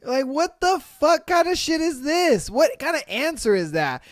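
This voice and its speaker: A podcast host reads out online posts and reacts with animated, profane comedic commentary. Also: sits high, a little slow, dry recording, clean studio sound.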